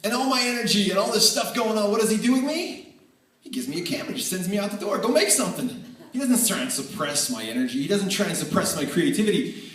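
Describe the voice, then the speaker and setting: A man giving a tribute speech at a banquet, telling energetic, animated stories that swing between excited and earnest. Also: high voice, fast. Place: large banquet hall. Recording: echoey hall, voice from far off.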